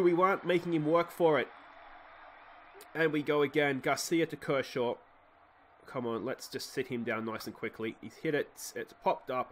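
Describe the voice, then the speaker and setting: An Australian man giving excitable play-by-play commentary on a baseball sim game, swinging from muttered asides to shouted cheering at a desktop microphone. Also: mid-range voice, slight background noise. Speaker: let's play host.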